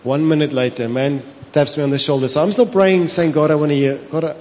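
A pastor with a South African accent, preaching a sermon, telling stories with animation, slipping into Afrikaans and laughing often. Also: male voice, a little high, fast talker, darkish tone. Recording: long hall reverb with faint ambience.

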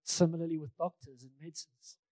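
Man, pastor, sermon, fairly high voice, conversational, repeats phrases, light humor, dry sound. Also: fairly even intonation, fairly quick, mellow, dry recording.

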